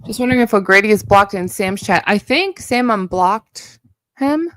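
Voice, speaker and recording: A woman's voice: mid-range voice, animated, moderate pace, fairly bright tone, no echo, clean studio sound. A young woman with a New York accent, ranting bluntly and profanely in a rambling casual livestream. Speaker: live streamer.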